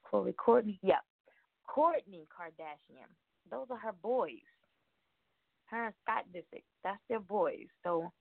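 A woman's voice: mid-range voice, creaky, no echo. A woman hosting a radio show, chatting casually in a rambling way and laughing often. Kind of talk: casual show chat reading birthdays. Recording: tinny phone-like line, dry.

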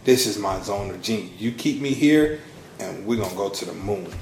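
A man in his thirties, a podcast guest telling his story in a casual, animated way. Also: normal speed, vocal fry, echoey room, slight background noise. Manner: animated storyteller, acts out quotes with big pitch swings. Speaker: podcast guest, launch strategist.

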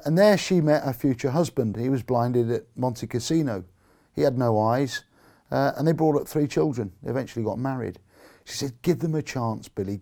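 A man's voice: medium pitch, mellow. A man, a blind army veteran, telling his own story in earnest, emotional terms and acting out the dialogue he remembers. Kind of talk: personal storytelling talk.

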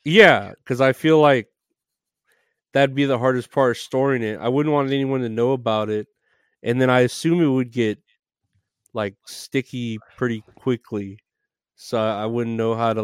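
A man's voice: mid-range voice, normal speed, smooth, no echo, studio quality. A man hosting an interview, rambling casually with crude jokes and frequent giggles. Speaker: interview host.

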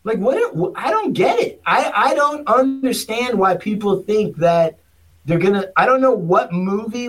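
A man's voice: high voice, recorded from a distance. A man co-hosting a casual podcast, telling rambling stories with many restarts and acting out other people's lines. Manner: rambling storyteller, acts out others in funny voices. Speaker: podcast co-host. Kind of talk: casual chat.

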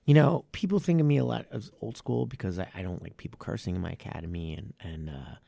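A man who runs a martial arts academy, talking casually on a podcast with lively stress and frequent restarts. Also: lowish voice, fast, vocal fry. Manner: animated, with many restarts and stressed phrases.

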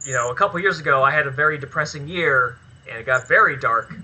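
A man's voice: medium pitch, quick pace, sharp tone, rough recording. A man talking as a guest on a casual podcast interview, candid and chatty, swearing freely. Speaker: podcast guest, filmmaker and actor.

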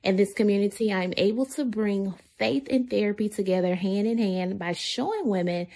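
A woman with a Memphis Southern accent, co-hosting a casual podcast, talking in a lively, playful way and laughing often. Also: mid-range voice, moderate pace, gravelly, no echo. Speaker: podcast co-host, therapist.

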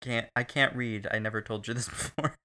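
A man's voice: medium pitch, fairly even intonation, a little fast, sharp tone. A man co-hosting a casual, crude film recap chat, profane and laughing often. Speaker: podcast co-host.

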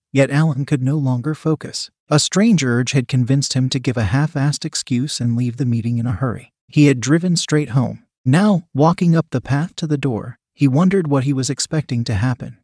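A man's voice: mid-range voice, warm tone, husky, no room sound. Man reading a story, dry sound. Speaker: narrator. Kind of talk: scripted story narration.

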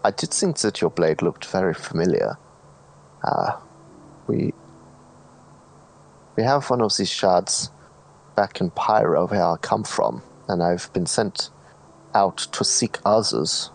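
A man playing a character at a tabletop game, speaking in a measured, hesitant way. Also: low voice, big pitch swings, vocal fry, poor audio. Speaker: player. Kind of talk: in-character tabletop role-play.

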